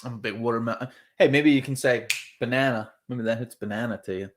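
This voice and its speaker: Easygoing eastern Pennsylvania co-host, agreeable and friendly-casual, average pitch. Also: male voice, fairly even intonation, fast talker, a little hiss or hum. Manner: easygoing, agreeable, calls his friend buddy. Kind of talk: casual chat over whiskey.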